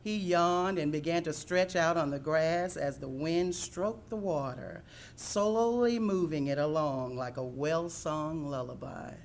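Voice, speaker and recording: Low-voiced woman reading a storybook aloud. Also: a little hiss or hum. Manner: expressive, measured storytelling. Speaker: reader.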